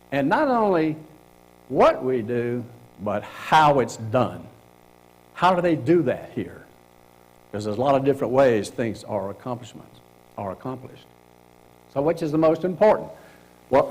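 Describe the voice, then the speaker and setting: A man's voice: mid-range voice, a little mellow, poor audio. A middle-aged man presenting a career workshop to a group in a meeting room, speaking casually and acting out example lines with a laugh.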